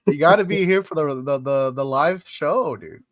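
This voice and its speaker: Young guy hosting a podcast, stuffy nose, voice kinda rough from being sick, rambles with lots of um and uh. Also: fairly high pitch, normal speed. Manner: rambling, lots of fillers and restarts. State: congested, voice still recovering. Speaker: podcast host. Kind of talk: casual podcast chat.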